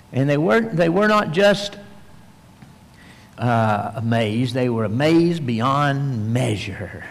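A man preaching a sermon in a folksy storytelling manner, swinging between animated emphasis and hushed, soft passages. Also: medium pitch, slow pace. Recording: long reverb, large hall.

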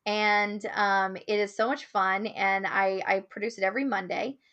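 A woman's voice: mid-range voice, normal speed, lo-fi sound. A woman guest who owns a marketing business, telling a client story in a casual interview and acting out the quoted lines. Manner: animated storyteller, acts out quotes.

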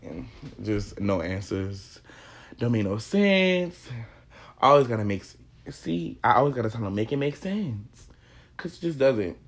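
A man's voice: lowish voice, very animated, a little slow. A man hosting a podcast who delivers a heated, emphatic opinion monologue full of swearing. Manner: emphatic, profane, ranting. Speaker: podcast host.

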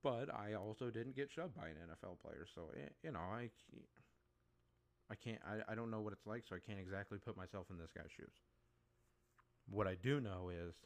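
A low-voiced man hosts a solo podcast, ranting bluntly and swearing freely. His delivery is casual, opinionated and irritated. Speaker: podcast host.

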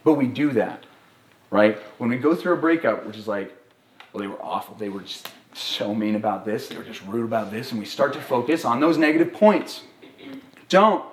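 A young man speaks in a casual live podcast chat and tells a personal story with animated energy. He keeps checking in with his listeners as he goes, and his voice rings in a roomy, echoing space. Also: a little high. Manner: animated storytelling, many "right?" tags. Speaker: therapist and podcast co-host. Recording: roomy echo.

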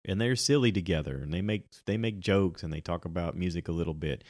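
A man's voice: low voice, fast, darkish tone, no echo, studio quality. A middle-aged man chatting casually on his own about movies and podcasts, rambling with many ums and restarts.

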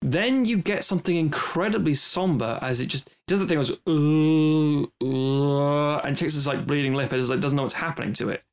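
A man co-hosting a casual film discussion, talking in an animated way and swearing freely. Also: fairly high pitch, fast talker, few pauses. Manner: animated, profane.

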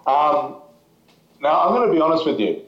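A man's voice: on the high side, sing-song, moderate pace. A man speaking frankly as a podcast guest, rambling with fillers and restarts. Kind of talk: casual conversation. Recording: echoey, slightly dull audio.

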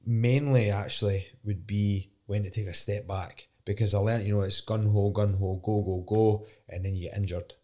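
A man's voice: fairly low pitch, steady tone, moderate pace, few pauses, mellow. A young man with a Scottish accent, a professional fighter talking candidly in a casual interview, rambling and swearing now and then.

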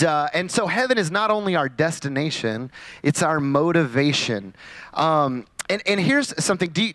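Pastor, 40s, male, slightly high voice, dry close sound, chatty sermon delivery full of "like" and restarts. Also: a bit bright, no room sound. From Louisiana. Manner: casual and conversational, many fillers and restarts.

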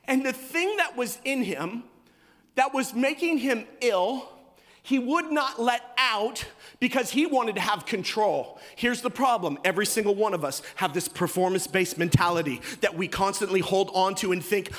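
A man in his thirties preaching a sermon, telling a family story with acted-out voices and sudden shouts. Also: very high voice, lively intonation, moderate pace. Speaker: pastor. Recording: long reverb of a large hall.

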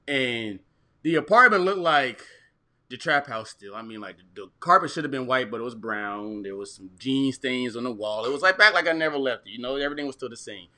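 A man's voice: mid-range voice, bright, forceful tone. A young man in his twenties, co-hosting a podcast, telling a story among friends with laughs and quoted voices. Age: 20s. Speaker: podcast co-host.

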